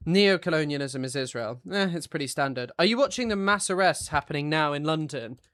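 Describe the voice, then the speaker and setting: A man's voice: a little high, lively intonation, a little fast, a bit bright, clear, resonant tone, dry recording. A man streaming live, reading out viewer chat and answering it in an offhand, blunt way. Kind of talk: casual livestream chat.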